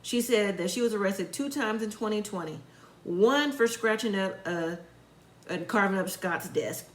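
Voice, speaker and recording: A woman's voice: medium pitch, measured pace. Woman, casual show recap, chatty and opinionated, roomy echo. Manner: chatty, opinionated, acts out quotes.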